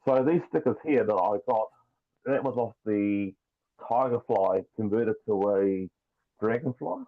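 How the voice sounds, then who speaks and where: A rambling, jokey man with a New Zealand accent talks casually as a podcast guest. His voice sits on the low side. It comes through a thin, phone-like call connection. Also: unhurried. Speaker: guest toy customizer. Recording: tinny phone-like call line.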